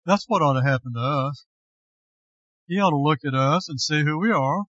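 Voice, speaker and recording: Slow deliberate male pastor preaching, bright voice, kinda dull lo-fi sound. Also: fairly high pitch, dry recording. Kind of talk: sermon.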